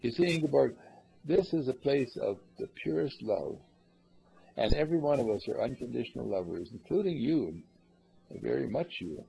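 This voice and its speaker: A man with a mellow, gravelly voice gives an earnest spiritual talk to a group. He rambles and fills his pauses with uhs and ums. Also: soft background music, low-quality recording. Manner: acts out callers in lively higher voices; rambling, earnest, with many fillers. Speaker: spiritual teacher.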